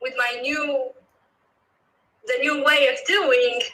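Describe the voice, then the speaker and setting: Soft-spoken woman, bright and high. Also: steady tone, rough recording. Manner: soft-spoken and halting, full of "you know". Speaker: coaching client and guest. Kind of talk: casual interview.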